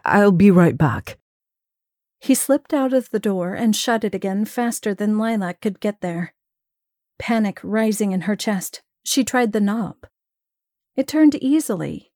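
A woman's voice: medium pitch, a little slow, mellow, no echo. Woman narrating novels, dry sound. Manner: reads excerpts from several novels. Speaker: audiobook narrator. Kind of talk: scripted narration.

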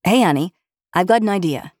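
A woman doing a calm, teasing husband pilot. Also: on the low side, a little fast, dry recording, studio quality. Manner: calm, offhand and patronizing. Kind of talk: audiobook character voice.

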